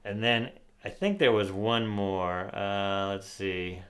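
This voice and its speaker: A man's voice: lowish voice, slow, fairly bright tone. A middle-aged man co-hosting a casual political talk show, giving opinionated commentary and reading lyrics aloud with sarcasm. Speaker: podcast co-host.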